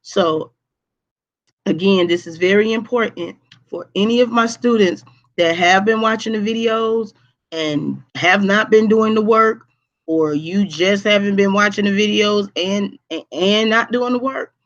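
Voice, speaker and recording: A woman teacher talks to her students over a live online class, stressing points, repeating herself and checking in with "okay?". Her voice comes through a dull, lo-fi stream at a middle pitch. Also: unhurried. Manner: repetitive, emphatic, checks in with "okay?".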